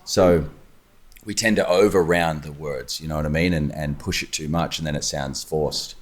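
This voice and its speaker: A man's voice: extremely low pitch, steady tone, normal speed. An Australian man, a guest actor, chatting casually and explaining things at length with restarts. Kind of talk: casual chat.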